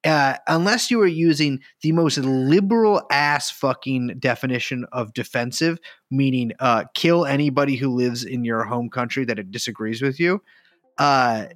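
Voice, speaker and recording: A man's voice: medium pitch, moderate pace, dry recording, studio quality. Sardonic, profane podcast host, a man. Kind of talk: casual chat.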